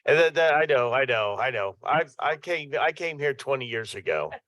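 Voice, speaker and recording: A man of middle pitch chairs a town council meeting, answering a resident reassuringly and often repeating his words. His voice is dry and close to the mic. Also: animated, moderate pace, fairly bright tone, no echo.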